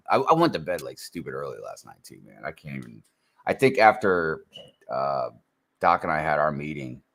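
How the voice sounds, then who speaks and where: A man's voice: sits low, a bit bright. A man hosting a casual live stream, chatting and greeting viewers.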